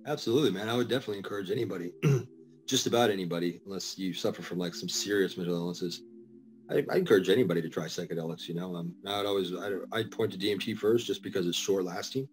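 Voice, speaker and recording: A man's voice: sits low, fast talker. A middle-aged man chatting as a podcast guest, telling stories full of swearing and laughter. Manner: profane, laughing storyteller. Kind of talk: casual podcast chat.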